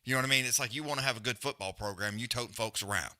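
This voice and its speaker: Rapid-fire and sharp, a mid-range male voice comes through clean studio sound with no room sound at all. He's running a live fight-watch stream: a profane, casual rant loaded with cursing and loose slang that rambles, restarts and trails off in mutters, then shifts into calling the fight.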